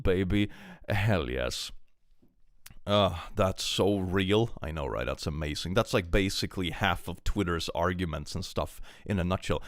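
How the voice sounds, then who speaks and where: A young man from Sweden talks in a Swedish accent, casual and sarcastic, cursing freely as he reads his chat. His voice sits low but swings up and down expressively, and it sounds dry and close. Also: a little slow, dry recording. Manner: sarcastic, animated, swears freely. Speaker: streamer reading chat. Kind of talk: casual live-stream chat.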